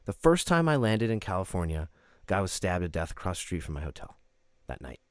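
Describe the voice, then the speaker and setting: A man's voice: low-pitched, big pitch swings, brisk, clear, resonant tone, dry recording. A man hosting a podcast, talking in a casual, profane and emphatic way. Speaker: podcast host. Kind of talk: casual commentary.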